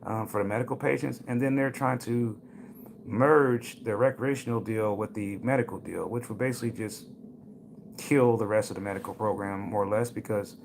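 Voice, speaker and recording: A man's voice: medium pitch, creaky, a little hiss or hum. A man hosting a casual cannabis livestream. He tells stories and greets viewers by name in a chatty way. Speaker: livestream host. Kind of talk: casual live-stream talk.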